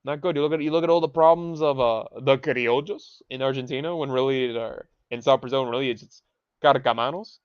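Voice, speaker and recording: A man's voice: medium pitch, a little fast, clean tone, no room sound. Young male streamer, profane heated rant mixed with Spanish words, dry muffled home mic. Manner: mixes in Spanish phrases. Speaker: livestream host. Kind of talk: ranting livestream commentary.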